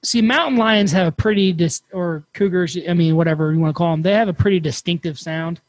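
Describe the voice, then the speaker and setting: A man hosting a podcast, telling a campfire story in a casual, animated way and swearing freely. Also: sits high, brisk, no room sound. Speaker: podcast host.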